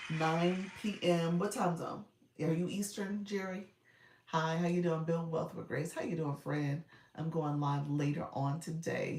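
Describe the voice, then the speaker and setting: A woman live-stream coach chatting casually with viewers, greeting them by name between quick asides. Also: low-pitched, creaky, reverberant, far from the mic.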